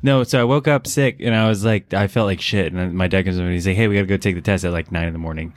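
Podcast co-host, low-pitched man, loose profane storytelling, dry mic. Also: racing, dry recording. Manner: rambling, swears often, acts out family members. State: recovering from a cold. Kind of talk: casual storytelling chat.

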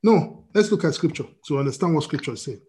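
Animated male preacher asking questions. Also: fairly high pitch, very fast. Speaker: pastor. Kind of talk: sermon. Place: church service streamed on video call.

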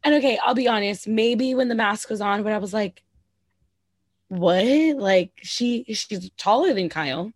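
A woman in a mid-range voice gossips about a reality TV show, her talk packed with "like" and quick asides. The sound is dry and close, with no room around it. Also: mid-range voice, no echo. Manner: quick, gossipy, filler-heavy with lots of "like". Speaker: podcast co-host. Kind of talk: casual reality TV recap chat.

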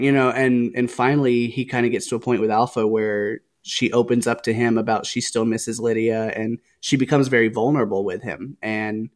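A relaxed man talks through a TV episode on a casual podcast, retelling scenes at length. His voice sits at an ordinary middle pitch, and he laughs easily between thoughts. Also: fairly quick, few pauses. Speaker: podcast co-host. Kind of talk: casual podcast discussion of a TV show.

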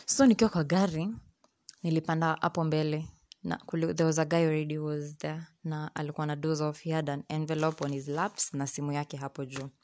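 A young Kenyan woman with a notably low voice recounts a personal story to her viewers. She tells it casually and with exasperation, moving between English and Swahili slang. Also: level tone, fast talker, a little mellow.

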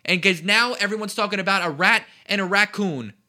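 High, piercing man ranting about sports. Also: brisk, bright, forceful tone. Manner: indignant, emphatic, repeats phrases for emphasis. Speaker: sports commentator. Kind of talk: heated sports talk rant.

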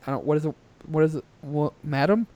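Young male podcast co-host, brisk profane rants, smooth tone, dry headset sound. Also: on the high side, no echo. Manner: ranting, profane, animated. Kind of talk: casual podcast chat.

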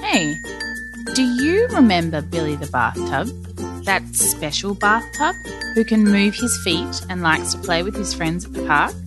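A woman reading a children's story aloud in a lively, animated storytelling manner. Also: medium pitch, music in the background. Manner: lively, animated, slow-paced narration.

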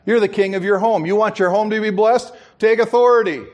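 A middle-aged man preaching as pastor talks a little fast in a high-pitched voice with fairly even intonation. He tells stories during the sermon, acts out the quoted voices, and chuckles at himself.

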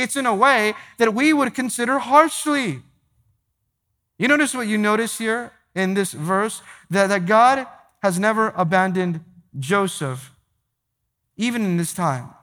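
A pastor preaching a sermon to his church, emphatic, repeating phrases and slowing down to stress key points. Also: sits high, pushed and bright. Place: large church sanctuary. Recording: long hall reverb.

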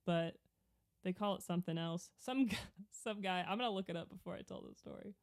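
A woman's voice: fairly low pitch, a little fast, darkish tone, no echo, clean studio sound. A woman co-hosting a casual podcast chat. She rambles through a story, giggles often, and trails off mid-thought before starting again. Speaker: podcast co-host.

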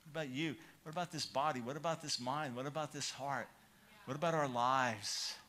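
A man preaching a sermon, telling a personal story with animated, rising excitement, then calling listeners to change. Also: fairly quick. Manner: animated storytelling, grows loud and high when excited.

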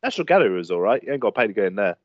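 A man's voice: lowish voice, big pitch swings, racing, dry recording. A young man, chatting casually and laughing easily as a podcast co-host. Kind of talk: casual chat. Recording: dry, dull lo-fi audio.

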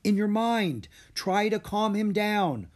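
A man's voice: high-pitched, expressive, slow pace, voice pushed up. A man playing a kindly old wizard. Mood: encouraging.

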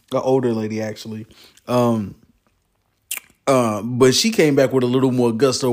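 A man's voice: mid-range voice, a little mellow. A man in a heated, rambling political rant, swearing freely and getting worked up. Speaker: vlogger.

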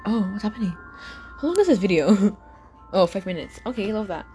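A young woman hosting a casual podcast, reacting excitedly to a video with frequent exclamations and fillers. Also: medium pitch, fairly quick, soft background music. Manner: gushing, exclamatory, many fillers. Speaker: podcast host.

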